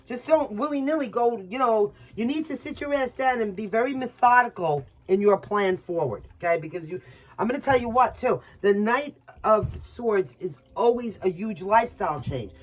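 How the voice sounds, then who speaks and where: A man's voice: sits high, expressive, normal speed, rough recording. A man with a New York accent giving a casual, rambling tarot reading. He gets emotional and swears freely. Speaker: tarot reader.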